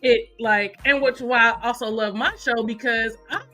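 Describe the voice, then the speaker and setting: A woman co-host chatting casually on a morning show, her voice bright and clear. She is animated and breaks into laughter often, with faint music underneath. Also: fairly high pitch, moderate pace.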